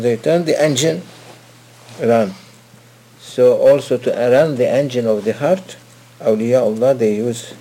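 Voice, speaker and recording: A man's voice: medium pitch, warm tone, a little hiss or hum. A man preaching to a group, telling a story and asking his listeners questions, with lots of repetition. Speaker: religious teacher. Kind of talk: storytelling sermon.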